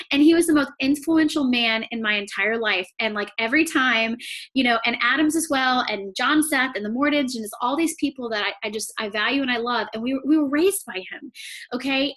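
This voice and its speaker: A woman with a high, light voice giving a motivational pep talk to her sales team. She talks in a chatty, looping way, dropping "like" and "okay?" into nearly every sentence. Her voice gets emotional and close to tears in places. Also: a bit bright. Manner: emotional, near tears at times.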